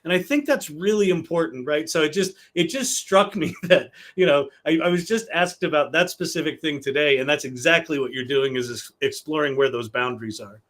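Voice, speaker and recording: Man, fairly high voice, host, enthusiastic, stammering restarts. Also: fairly quick, hardly any pauses, a bit bright. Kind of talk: casual discussion.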